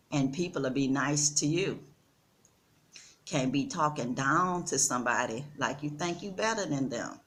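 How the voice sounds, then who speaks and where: Her voice is low yet a bit bright, with a little hiss or hum behind it. She's a Texan woman in her sixties vlogging outdoors in the Gambia, talking slowly and earnestly and calling her viewers y'all.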